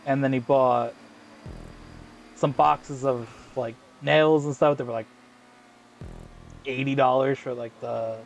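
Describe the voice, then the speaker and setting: A man's voice: medium pitch, creaky, muffled recording, slight background noise. A man hosting a gaming video, telling a long story in casual, profane chat full of slang fillers. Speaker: gaming channel host. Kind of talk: casual chat while racing in a game.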